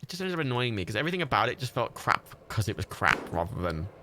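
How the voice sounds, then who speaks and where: A man giving sweary, excitable, rambling commentary while streaming a game live. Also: mid-range voice, quick pace, background noise.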